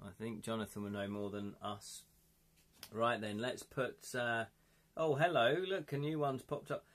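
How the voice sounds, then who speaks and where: A man's voice: mid-range voice, steady tone, measured pace, fairly bright tone. A man hosting a casual live stream, chatting with viewers, laughing often and reading their comments aloud. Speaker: livestream host.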